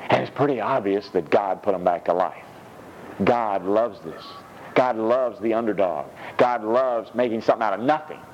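A man preaching a sermon in a church, reading scripture with animated, rising delivery. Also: normal speed, dull audio, a little hiss or hum. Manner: animated, rises high when reading scripture.

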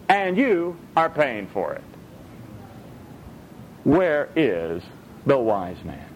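A male preacher giving a sermon in an animated, dramatic, joking way. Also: mid-range voice, a little hiss or hum, low-quality recording.

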